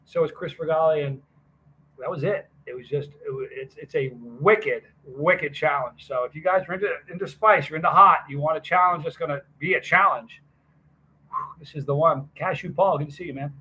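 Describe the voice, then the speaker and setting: A man chats loosely on a live stream and greets viewers one after another. His voice sits a little high and sounds bright and forward. He rambles from story to story. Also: a little fast, husky, low-quality recording. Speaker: hot sauce live streamer. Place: hot sauce festival booth.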